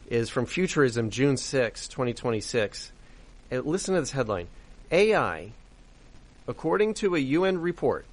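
A man hosting a commentary show, indignant and emphatic, asking rhetorical questions. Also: medium pitch. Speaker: podcast host. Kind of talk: commentary monologue.

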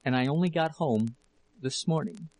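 A man reading the part of a weak, terrified young wife in an audiobook, speaking low, faltering and breathless. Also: a little slow, natural voice, low-quality recording. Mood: faltering, afraid.

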